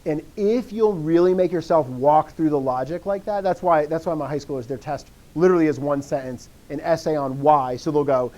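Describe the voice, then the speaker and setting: A man's voice: on the high side, fairly quick, few pauses, darkish tone. Man teaching an encouraging grammar lesson. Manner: explains step by step, asks students questions; quizzing, encouraging. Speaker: Greek teacher. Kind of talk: live online lesson.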